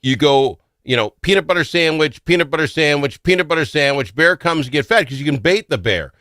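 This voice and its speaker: A man hosting a radio show, chatty and quick to laugh as he asks questions in casual chat. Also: on the high side, dry recording. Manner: chatty, laughs easily, animated. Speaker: radio host.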